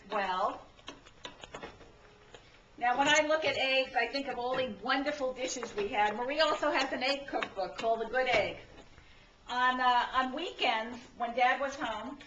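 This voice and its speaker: A chatty middle-aged woman from Brooklyn walks through a recipe in her home kitchen, her fairly high voice tossing in an "okay?" every few lines. She is picked up by a camcorder mic from across the room, so the sound is roomy, a bit far off and slightly muffled, with faint noise underneath. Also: pushed and bright. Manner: chatty, keeps checking in with "okay?". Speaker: home cooking instructor. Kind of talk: casual cooking demonstration. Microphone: camcorder mic from a distance. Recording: echoey, distant, slightly dull camcorder audio.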